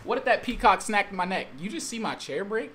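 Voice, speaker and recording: A man telling a story-time tale in a vlog, excitable and slangy, with exaggerated storytelling and sudden outbursts. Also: high-pitched, fairly quick, slight background noise. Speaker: YouTube storyteller.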